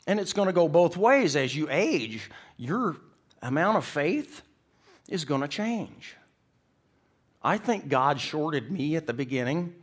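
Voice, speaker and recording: A man's voice: medium pitch, a bit bright, slightly rough. A middle-aged man preaching a sermon, telling stories in a folksy, joking way and acting out the people in them. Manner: folksy storytelling, acts out characters in the joke. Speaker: pastor. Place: church.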